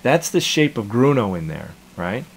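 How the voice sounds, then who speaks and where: A man's voice: medium pitch, very animated, moderate pace, creaky, husky. A man in his thirties, a cartoon creator casually chatting in an interview, rambling and repeating his words with chuckles.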